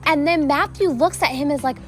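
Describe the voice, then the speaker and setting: A woman's voice: high-pitched, fairly quick. A woman hosting a casual faith podcast outdoors, chatty and enthusiastic, with many fillers. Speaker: podcast host. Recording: music playing underneath.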